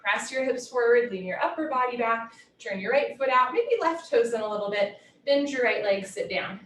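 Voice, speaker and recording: A woman's voice: fairly high pitch, slight background noise. Woman calling yoga cues in a roomy space. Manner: brisk clipped posture cues, light and playful. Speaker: yoga teacher. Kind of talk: live yoga class instruction. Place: home room. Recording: roomy echo, heard from a distance.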